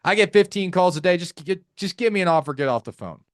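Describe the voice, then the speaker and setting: A man's voice: high-pitched, expressive, fast talker, dry recording, clean studio sound, voice pushed up. A man playing a curt, annoyed home seller. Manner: brusque, impatient. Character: irritated male home seller on the phone, curt.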